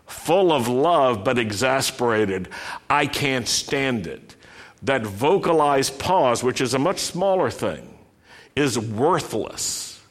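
A man preaching a sermon, speaking deliberately and lifting his voice when he reads a passage aloud. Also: mid-range voice, lively intonation. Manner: slow, deliberate delivery with emphatic rising quotations.

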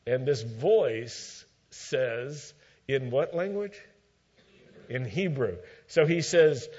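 A man preaching a sermon, teaching in a measured way and acting out quoted lines with emphasis. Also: medium pitch, animated, a little mellow, husky, lo-fi sound.

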